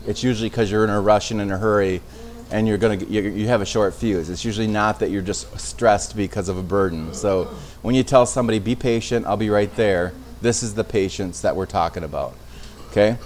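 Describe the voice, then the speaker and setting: A man with a fairly low, darkish voice leads an informal Bible study, and a little background noise can be heard. He talks conversationally, often restarting phrases and checking in with listeners through tag questions.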